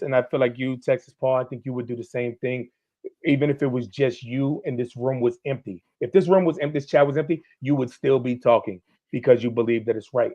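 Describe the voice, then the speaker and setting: A man's voice: medium pitch, dark tone, dull audio. A man, a former police officer appearing as a guest, speaking candidly and with passion, swearing as he gets worked up. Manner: candid, fired up, swears freely. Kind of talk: impassioned livestream conversation.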